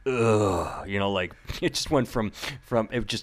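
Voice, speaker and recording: A man in casual podcast chat, rambling and animated, swearing freely. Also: fairly low pitch, a little slow.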